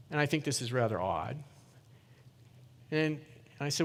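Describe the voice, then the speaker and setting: A middle-aged man giving a keynote talk, telling a story in a lively way and putting questions to the audience. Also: medium pitch, a little slow, pauses often. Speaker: keynote speaker. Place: conference hall. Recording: reverberant conference hall.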